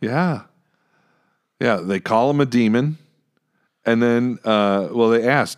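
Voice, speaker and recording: A man co-hosting a casual Bible study discussion, talking it through in a relaxed way with many fillers. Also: medium pitch, takes it slowly, pauses often, clear, resonant tone. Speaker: co-host discussing scripture.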